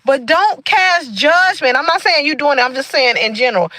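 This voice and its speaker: A woman's voice: sits high, animated, moderate pace, sharp tone, no echo, poor audio. A woman from Michigan hosting a livestream, talking casually and earnestly, preaching a little and greeting viewers in the chat. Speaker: livestream host.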